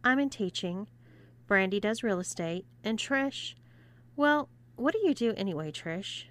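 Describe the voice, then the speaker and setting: A woman's voice: mid-range voice, expressive, measured pace, lightly acted. A woman voicing a grown mean girl who speaks in a purring way. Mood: teasing.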